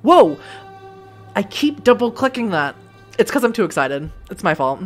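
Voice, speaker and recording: Let's-play host, woman, lively and self-deprecating, mid-range voice, soft music bed. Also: mid-range voice, normal speed. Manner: excitable, self-mocking, laughs often. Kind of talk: game commentary, reading dialogue aloud.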